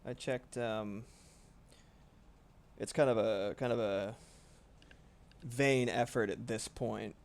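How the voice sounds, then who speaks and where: A man's voice: on the low side, steady tone, takes it slowly, creaky, pauses often. A man streaming casually while drawing, rambling and swearing freely with frequent laughs.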